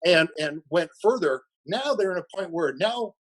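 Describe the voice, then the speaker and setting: A man's voice: sits high, lively intonation, moderate pace, rough recording. A man being interviewed as a coach, chatting casually and animatedly, acting out bits of dialogue and laughing often. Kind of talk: casual conversational storytelling.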